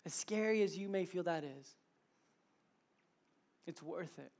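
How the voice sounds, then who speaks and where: A young man preaching an informal evening sermon, talking casually with filler words and retelling stories in an animated way. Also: sits high, unhurried.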